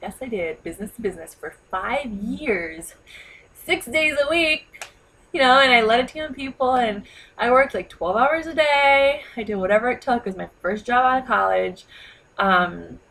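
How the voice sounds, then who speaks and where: A woman in her thirties from New York, talking to camera in a chatty, animated way, full of "you know" and "like.". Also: fairly high pitch, normal speed, vocal fry, poor audio. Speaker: vlogger giving speaking advice. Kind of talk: casual talk to camera.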